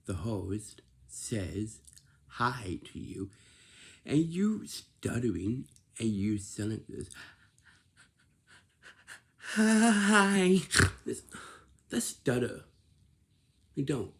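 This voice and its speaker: A man talks to the camera in an informal, earnest way and keeps repeating his points. His voice is low, husky and gravelly. He speaks slowly. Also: animated, warm tone. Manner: earnest, repetitive, instructing the listener directly. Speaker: presenter giving advice. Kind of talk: informal explanatory talk.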